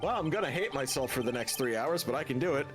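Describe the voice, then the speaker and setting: A man's voice: medium pitch, expressive, fast talker, soft background music. A young man co-hosting a game stream, trading jokes and wisecracks in casual banter. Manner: wisecracking, jokey. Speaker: co-host of a let's play stream.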